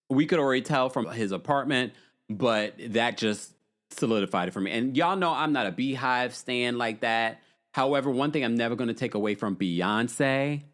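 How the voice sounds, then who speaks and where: A male host chatting on a live stream, reading viewer comments in a sassy, animated way. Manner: animated, sassy, swooping pitch.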